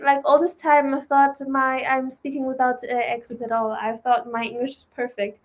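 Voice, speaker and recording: A woman's voice: high-pitched, little pitch movement, moderate pace, few pauses. A woman with a German accent, a non-native speaker of English, chatting loosely as she teaches trading on a live stream, with many fillers and "right?" tags.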